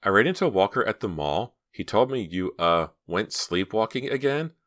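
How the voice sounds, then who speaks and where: A man's voice: on the low side, expressive, moderate pace, fairly bright tone, no echo, studio quality, pitched above the performer's own voice. A man voicing a playful, nosy teenage girl in an audiobook, in a raised, chatty voice.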